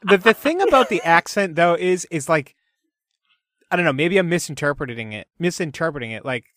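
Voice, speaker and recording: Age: adult. Sex: man. Role: podcast co-host. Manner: chatty, laughing, filler-heavy. Pitch: a little high. Sound: dry, close studio mic. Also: animated, brisk, a bit bright, no room sound. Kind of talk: casual chat.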